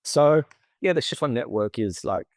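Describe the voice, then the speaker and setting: A man's voice: mid-range voice, lively intonation, moderate pace, darkish tone, no echo, clean studio sound. A man, co-hosting a podcast as a therapist and telling a personal story in an emotive, chatty way. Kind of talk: casual conversation.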